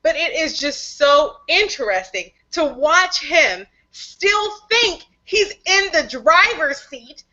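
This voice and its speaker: A woman co-hosting a recap show, her voice high and bright. She retells each scene with animated, playful storytelling and chatty asides. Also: takes it slowly, few pauses, dull audio. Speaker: podcast co-host. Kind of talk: TV episode recap chat.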